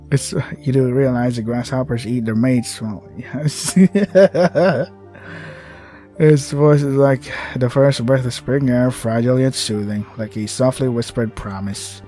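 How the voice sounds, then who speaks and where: Mellow-voiced man, sarcastic game commentary. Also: medium pitch. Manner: sarcastic, swears and laughs. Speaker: gamer playing a visual novel.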